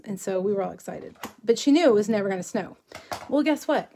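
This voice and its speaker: A middle-aged woman from South Texas with a slightly higher voice. She chats loosely while crafting live on camera, drifting into stories and reading viewers' comments aloud. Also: quick pace, dark tone. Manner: chatty, rambling, reads viewer comments aloud while working. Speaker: crafting livestream host. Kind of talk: casual crafting livestream chat.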